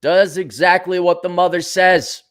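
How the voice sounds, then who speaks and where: A man's voice: high-pitched, fairly even intonation, unhurried. A man hosting his own show, talking bluntly and profanely in a casual monologue and acting out the voices of people he quotes. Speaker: podcast host answering viewer comments.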